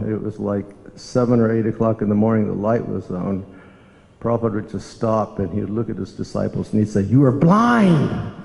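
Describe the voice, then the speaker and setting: A man's voice: lowish voice, creaky, warm tone. Older man, devotional storytelling, reminiscing, dull lo-fi sound. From Southern United States. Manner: reflective, reminiscing, unhurried. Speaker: monk giving a memorial talk. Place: temple hall. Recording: echoey hall, dull lo-fi sound.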